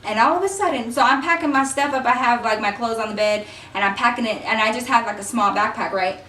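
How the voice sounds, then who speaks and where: A woman's voice: a little high, fast talker, bright, forceful tone, reverberant, far from the mic, a little hiss or hum. A young woman in a storytime vlog, animatedly telling a personal story and acting out the dialogue. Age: young adult. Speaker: vlogger.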